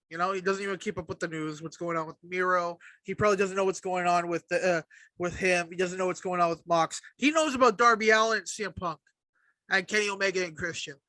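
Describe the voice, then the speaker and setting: A man's voice: sits high, bright, forceful tone, no echo. A man co-hosting a podcast, ranting heatedly and swearing freely in casual wrestling talk. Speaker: podcast co-host.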